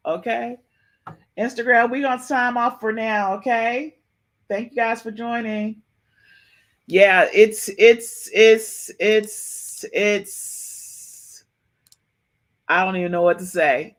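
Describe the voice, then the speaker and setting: Slow-talking excitable woman podcast host. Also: mid-range voice. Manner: excitable, repeats herself, talks to chat. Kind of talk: livestream gossip commentary.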